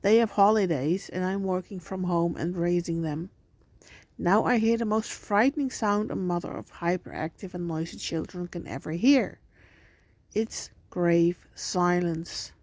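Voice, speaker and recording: A woman hosting a channel, narrating a scripted scary story in a slow, deliberate reading voice. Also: lowish voice, a little mellow, dry recording. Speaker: channel host and story reader.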